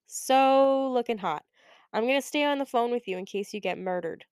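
A woman's voice: a little high, normal speed, a little mellow, clear, resonant tone, dry recording, studio quality, close to an everyday voice. A woman doing a teasing, blunt best friend. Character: teasing, loyal young woman friend on the phone. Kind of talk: audiobook character voice.

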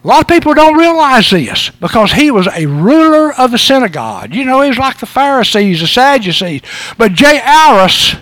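A man's voice: very high-pitched, very animated, moderate pace, a bit bright, no room sound. A man, a pastor giving a sermon on Father's Day in a folksy, joking, conversational way. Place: church service.

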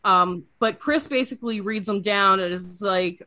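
A woman co-hosting a podcast in casual chat, animated and profane with quick asides. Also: mid-range voice, no echo. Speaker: podcast co-host.

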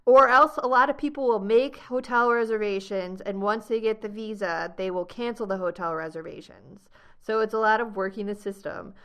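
A young American woman hosting a travel podcast, telling a story in a lively, laughing way. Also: mid-range voice, normal speed, smooth. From United States. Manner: animated storyteller, laughs often. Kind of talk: casual storytelling chat.

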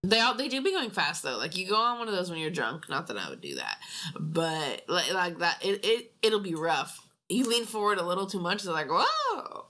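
A woman's voice: lowish voice, big pitch swings, fairly quick, sharp tone. A woman co-hosting a podcast in casual chat, reacting playfully and laughing a lot. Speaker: podcast co-host.

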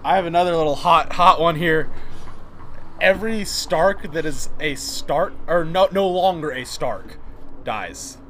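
A young man with a high voice talks casually with friends, joking and laughing at his own bits. His delivery is loose and unscripted, with a faint hiss of noise under it. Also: unhurried, a bit bright. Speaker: podcast co-host. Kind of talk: casual chat.

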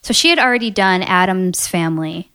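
A woman co-hosting a casual movie podcast, chatty and quick to laugh, pausing with ums. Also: fairly low pitch, bright, forceful tone, smooth. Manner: chatty, laughs often, pauses with um. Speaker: podcast co-host. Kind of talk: casual movie-review chat.

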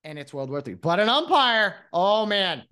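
Animated ranting man in his late 30s. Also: high-pitched, moderate pace, smooth. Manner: animated, exasperated ranting with frequent restarts. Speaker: podcast host and former umpire. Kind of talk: solo podcast monologue.

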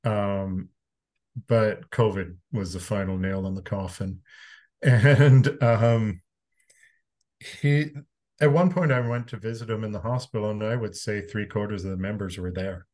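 Canadian guy telling his story straight, lowish voice, swears now and then, gets calm then punchy. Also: a little slow. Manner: frank, swears casually, shifts between calm and emphatic. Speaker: interview guest. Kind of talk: candid conversational storytelling.

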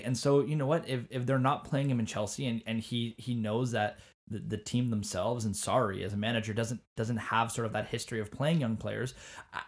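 A man hosting a football podcast in casual chat, animated and often repeating words as he starts a point. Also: medium pitch. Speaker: podcast host.

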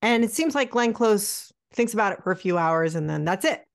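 A woman's voice: mid-range voice, expressive, brisk, vocal fry, no room sound, studio quality. Chatty sarcastic woman co-host. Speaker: podcast co-host. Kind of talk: casual film discussion.

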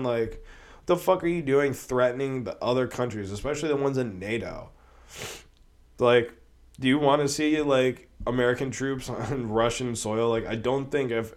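Profane ranting male podcaster. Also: mid-range voice. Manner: profane, heated, rambling. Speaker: podcast host. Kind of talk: casual solo podcast rant.

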